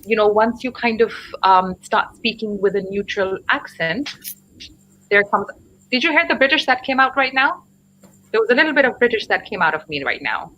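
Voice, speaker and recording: A woman's voice: medium pitch, pushed and bright, poor audio. A woman teacher hosting a live online English lesson, explaining in a chatty way and checking in with her listeners.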